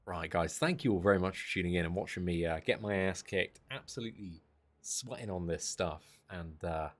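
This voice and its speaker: Brisk and deep-voiced, this game streamer chats casually about what he's playing live. He keeps putting himself down and peppers his talk with "mate" and "dude."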